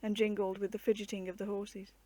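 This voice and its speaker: Storyteller: woman, mid pitch, steady measured reading, dry close sound. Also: dry recording.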